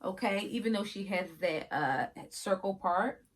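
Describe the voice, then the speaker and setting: A woman casually reviewing a wig for her viewers, chatty and often yelling with excitement. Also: medium pitch, unhurried. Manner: chatty, addresses viewers as y'all.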